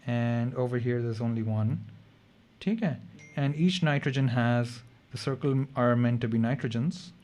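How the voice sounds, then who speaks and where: A man's voice: medium pitch, normal speed, a little mellow. A man teaching a late-night online chemistry revision class. He talks casually and keeps checking in with his students. He sounds tired. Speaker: chemistry tutor.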